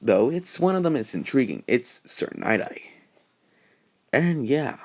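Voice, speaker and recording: A man's voice: medium pitch, sing-song, measured pace. A man casually narrating a fan-made story, rambling, restarting sentences and padding with "just saying".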